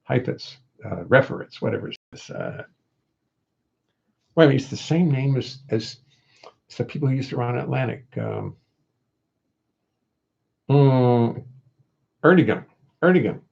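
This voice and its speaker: A man's voice: medium pitch, very animated, measured pace, gravelly, long pauses, darkish tone, muffled recording. An older man hosting a live stream from home, chatting in a wry, joking, meandering way. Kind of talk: casual rambling chat.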